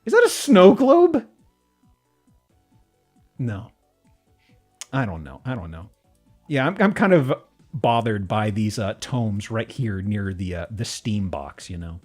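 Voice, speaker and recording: A man streaming live, chatting casually and excitably, often breaking into laughter and restarting his sentences. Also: fairly low pitch, moderate pace, soft background music.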